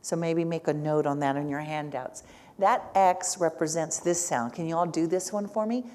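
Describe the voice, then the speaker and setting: Woman teacher, lower voice. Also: moderate pace, darkish tone. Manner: asks the audience frequent questions, tags with "right?". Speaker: speech language pathologist teaching a workshop. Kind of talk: live classroom lecture.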